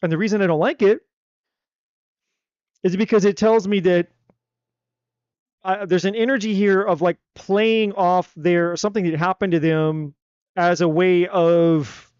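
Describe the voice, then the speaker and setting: A man giving a live tarot reading in a blunt, animated, slangy way. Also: high-pitched, a little slow, pauses often, smooth, no echo, dull audio. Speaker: tarot reader.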